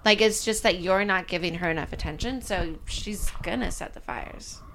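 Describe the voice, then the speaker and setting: A woman's voice: on the low side, a little hiss or hum. A woman co-hosting a casual podcast who reads book passages aloud and gets giggly and flustered along the way. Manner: giggly, quickly flustered, animated. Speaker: podcast co-host.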